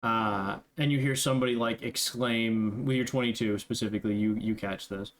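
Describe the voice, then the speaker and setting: A man's voice: lowish voice, steady tone, moderate pace, a little hiss or hum. A young man narrating as game master, casual and rambling, with many fillers.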